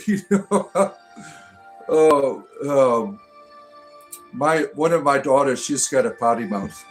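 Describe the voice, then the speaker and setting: An older man rambling through mock-spiritual replies to comments, halting and chuckling, with an irreverent deadpan manner. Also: mid-range voice, soft background music. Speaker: comedic spiritual character responding to comments. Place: Ireland.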